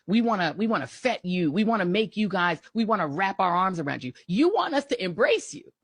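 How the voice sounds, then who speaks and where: A woman delivers an impassioned political rant, driving her points home through emphatic repetition and a mocking edge. Her voice is slightly husky and sits mid-range, recorded with a dry, close sound. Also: mid-range voice, no room sound. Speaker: political commentator.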